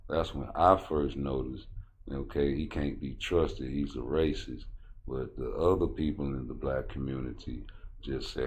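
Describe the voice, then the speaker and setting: A man's voice: extremely low pitch, fairly even intonation, a little slow, a little mellow, slight background noise. A man giving a casual boxing commentary rant, rambling, blunt and profane.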